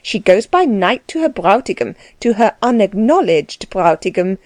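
A woman's voice: mid-range voice, sing-song, moderate pace, darkish tone, dry recording, natural voice. Lady reading a stiff disapproving housekeeper, prim and formal, dry sound. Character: stern, proper older German housekeeper woman.

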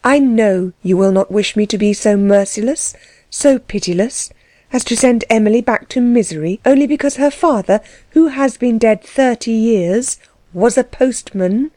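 A woman's voice: on the high side, moderate pace, mellow, dry recording, natural voice. A woman reading as Anna, earnest young woman. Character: young gentle earnest woman, kind but firm. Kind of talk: audiobook reading.

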